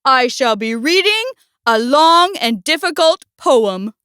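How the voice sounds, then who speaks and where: A woman voicing a stern, pompous male bear in a read-aloud storybook, speaking slowly and grandly. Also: high-pitched, lively intonation, pushed and bright, clear, resonant tone, no echo, clean studio sound, exaggerated voice. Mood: grand scolding. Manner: slow, grand, declaiming.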